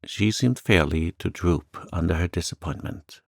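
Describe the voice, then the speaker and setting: A man reading a bedtime story for adults in a calm, gentle, soft-spoken way. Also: deep voice, moderate pace, vocal fry, no room sound, studio quality. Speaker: narrator.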